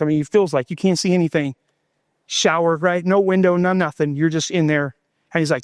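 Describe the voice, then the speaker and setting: A middle-aged male pastor preaching a sermon with fervor, slowing down for emphasis and acting out prayers and quotes. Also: sits high, dry recording, studio quality. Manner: impassioned preaching, voicing God and himself in quotes.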